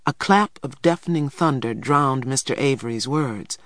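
A man's voice: mid-range voice, normal speed, hardly any pauses, fairly bright tone, no echo. Man narrating a storybook, dry close sound. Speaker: audiobook narrator. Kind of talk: scripted first-person narration.

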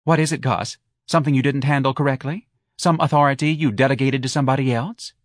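A man's voice: medium pitch, steady tone, fast, dry recording, studio quality, pitched above the performer's own voice, close to an everyday voice. A man voicing a nagging middle-aged woman who keeps prodding with repeated questions. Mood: needling.

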